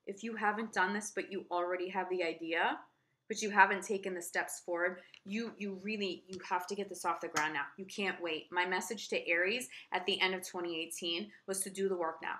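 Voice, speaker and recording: A woman's voice: on the low side, steady tone, a little fast, pushed and bright. A woman giving a casual, earnest tarot horoscope reading, reassuring and repeating herself. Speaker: tarot reader.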